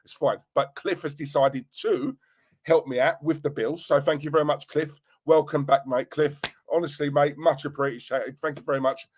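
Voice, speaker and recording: Middle-aged bloke on a live stream, chatty, greets everyone in chat, slightly high voice. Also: male voice, steady tone, normal speed. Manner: chatty, loud shout-outs to viewers. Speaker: livestream host. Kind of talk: casual livestream chat.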